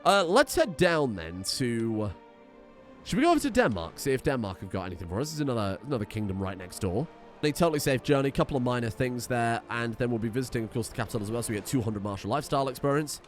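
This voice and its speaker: Male gaming host, animated chatty commentary, faint game music behind. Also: mid-range voice, fast. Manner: chatty, thinking aloud, reads game text.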